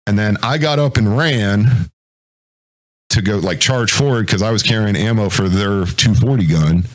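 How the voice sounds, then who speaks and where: A military veteran talking casually on a podcast, telling a war story in a rambling, profane way and acting out what people said. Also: male voice, fairly low pitch, normal speed. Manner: acts out quoted voices.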